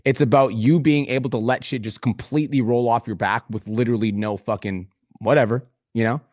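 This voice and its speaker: A man coaching a client on a group video call, swearing constantly in a pumped-up motivational manner with sudden loud outbursts. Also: mid-range voice, steady tone, fairly quick, no echo, studio quality. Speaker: business coach.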